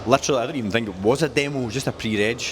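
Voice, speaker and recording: Enthusiastic car dealer. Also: male voice, mid-range voice, rapid-fire, very noisy. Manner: enthusiastic, jokey, rattles off specs. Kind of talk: casual walkaround chat.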